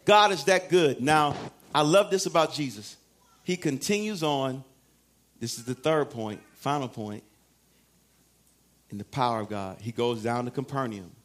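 A man preaching a sermon in a church, swinging from shouts to hushed tones and acting out quoted voices. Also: medium pitch, a little slow, long pauses.

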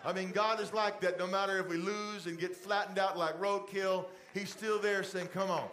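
A middle-aged pastor delivers a sermon from a church stage. His voice sits fairly high for a man. He talks conversationally and slips into a soft, fatherly tone when he speaks to the congregation directly. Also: little pitch movement, moderate pace, a little hiss or hum. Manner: conversational preaching, drops to a soft fatherly voice for asides.

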